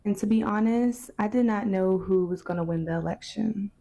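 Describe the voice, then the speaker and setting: A woman who reads tarot giving relaxed spiritual talk, full of "you know". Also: mid-range voice, moderate pace. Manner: relaxed, filler-heavy. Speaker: tarot reader.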